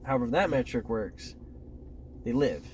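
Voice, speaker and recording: A man's voice: medium pitch, normal speed, a little hiss or hum. Young man recapping plot, mid voice. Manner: steady plot recapping, frequent agreeing "yeah". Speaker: podcast co-host. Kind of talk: casual chat.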